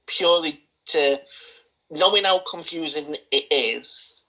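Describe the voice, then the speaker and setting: A man's voice: fairly high pitch, takes it slowly, sharp tone. A man rambles through his opinions in a casual film review chat, hesitating and circling back as he goes. His voice comes through a dull, lo-fi recording. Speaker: podcast co-host. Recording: dull lo-fi sound.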